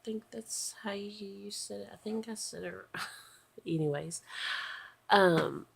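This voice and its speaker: A tired woman talks slowly to her vlog camera late at night, her voice husky with a gravelly fry. She rambles drowsily and keeps slipping into whispers. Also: medium pitch. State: tired and sleepy. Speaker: vlogger. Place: at home in bed at night.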